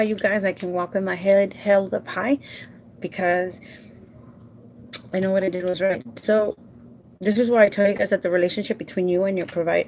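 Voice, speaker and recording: A woman who works as a home care provider, talking casually and warmly to her viewers from home, emotional and halting at times. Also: medium pitch, slight background noise. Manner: emotional and heartfelt, addresses viewers as "you guys"; halting with repeated restarts when upset.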